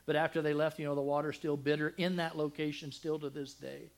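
An older man preaching a sermon, telling a personal family story with deep feeling, dropping to a hush and then rising loud, with many restarts. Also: flat delivery, a little fast, vocal fry. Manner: emotional, swings from loud and high to hushed and soft; rambling with frequent restarts.

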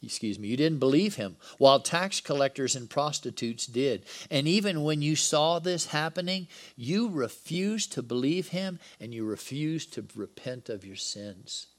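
A man's voice: fairly high pitch, a little slow, hardly any pauses. A man preaching a Bible-study sermon in a conversational way, dropping joking asides between the scripture passages. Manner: reads scripture dialogue with lively emphasis.

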